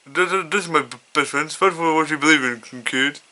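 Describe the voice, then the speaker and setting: A man's voice: on the high side, brisk, sharp tone. A man doing a kindly fatherly ghost. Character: kindly ghost of a grown man, school cook.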